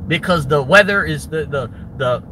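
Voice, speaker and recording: Rambling high-voiced man outdoors. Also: normal speed, sharp tone, a little hiss or hum, rough recording. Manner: rambling, repetitive, stammering restarts. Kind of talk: rambling storytelling to camera.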